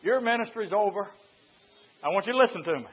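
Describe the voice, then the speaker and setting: A man voicing a sly male devil who taunts him in a low, hushed, mocking murmur, heard on a lo-fi recording. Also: expressive, fast talker, husky. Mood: taunting.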